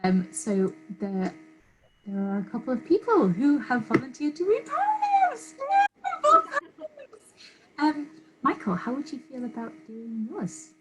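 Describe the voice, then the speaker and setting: A woman's voice: fairly high pitch, wildly swooping pitch, slow, a little mellow, faint music behind, poor audio. A woman hosting an online storytime call, speaking politely with hesitant ums. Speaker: host. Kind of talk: casual chat. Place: home via video call.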